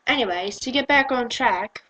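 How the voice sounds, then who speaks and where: A young woman from the UK, ranting on camera in an exasperated, animated way. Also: on the high side, poor audio. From United Kingdom. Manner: exasperated, animated, switches into mocking quoted voices. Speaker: vlogger. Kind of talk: casual ranting vlog.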